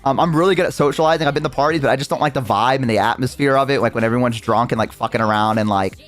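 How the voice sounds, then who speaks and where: A man's voice: mid-range voice, rapid-fire, fairly bright tone, faint music behind. A young adult man, a streamer, telling a story in a rambling casual way, full of fillers and swearing.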